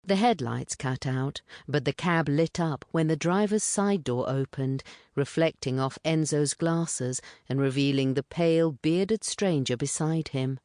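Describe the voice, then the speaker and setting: A woman reading literary fiction aloud as an audiobook narrator, in a measured, even way. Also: low-pitched, no room sound, clean studio sound.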